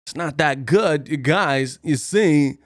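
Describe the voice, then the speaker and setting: A man's voice: on the high side, slow, dry recording, clean studio sound. A man hosting a boxing live stream, joking and laughing often as he does impressions. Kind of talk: casual live-stream commentary.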